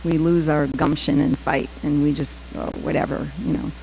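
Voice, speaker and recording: A middle-aged woman giving a temple class, telling personal stories with many "um" pauses and acted-out quotes. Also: deep voice, little pitch movement, vocal fry, a little mellow, slight background noise, low-quality recording. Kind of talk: scripture class with personal storytelling.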